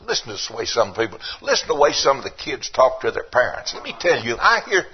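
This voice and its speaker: An older man preaching a sermon, swinging from low and quiet to loud and emphatic. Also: sing-song, fast talker, lo-fi sound.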